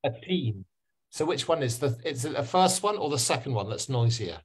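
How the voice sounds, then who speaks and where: A man's voice: medium pitch, big pitch swings, moderate pace, slightly rough. A man teaching English pronunciation on a video call, patiently repeating and drilling words for his students. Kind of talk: online webinar teaching.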